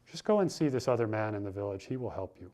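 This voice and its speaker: A man voicing a humble, wise village housewife in a spoken story, speaking gently and calmly. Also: lowish voice, fast talker, natural voice.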